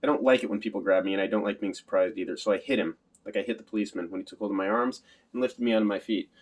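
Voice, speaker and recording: A man reads a first-person audiobook in a literal, matter-of-fact manner. His voice is low and he moves quickly through the sentences. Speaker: audiobook narrator. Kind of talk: scripted first-person narration.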